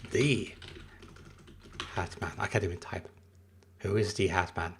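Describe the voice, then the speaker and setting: A man's voice: sits low, unhurried, creaky, slightly rough. A man in his thirties, not a native English speaker, chatting in a rambling, casual way on a livestream and answering his chat.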